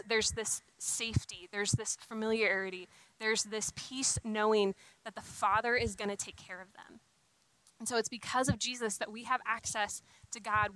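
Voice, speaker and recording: A woman's voice: fairly high pitch, bright, forceful tone, no room sound, low-quality recording. A young adult woman giving an earnest, conversational sermon, with frequent restarts and casual fillers. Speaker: speaker giving a talk on faith and singleness.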